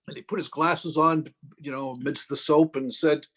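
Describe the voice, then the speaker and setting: A man's voice: fairly high pitch, fairly even intonation, moderate pace, a bit bright. A middle-aged man casually telling a self-deprecating story as a podcast co-host, acting out the voices of the people in it. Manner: anecdotal, self-deprecating, acts out quoted voices.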